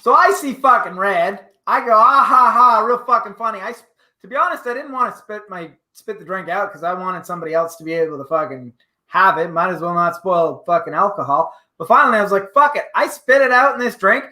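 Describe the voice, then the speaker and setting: A man's voice: high-pitched, a little fast. A man hosting a casual podcast, telling a profane story and acting out the lines of the people in it. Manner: animated, profane storytelling with acted-out quotes. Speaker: podcast host. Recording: echoey room.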